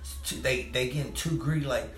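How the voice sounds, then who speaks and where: Male co-host, unhurried slang-heavy storyteller, mid pitch, recorded in an echoey room. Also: fairly bright tone. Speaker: podcast co-host. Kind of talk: casual TV review chat. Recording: echoey room with faint noise.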